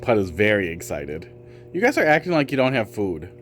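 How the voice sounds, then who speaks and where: Brief: male streamer, lively up-and-down delivery, chatty with viewers and pets, faint music underneath. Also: on the low side, a little fast. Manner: chatty, talks fondly to his cats between greeting viewers. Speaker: game streamer. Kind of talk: casual live-stream chat.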